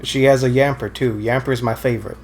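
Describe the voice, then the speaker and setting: A man's voice: medium pitch, fairly even intonation, fast talker, faint music behind. Rambling man chatting over a game. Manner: rambling, self-correcting, dry teasing. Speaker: let's play co-host. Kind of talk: casual gameplay commentary.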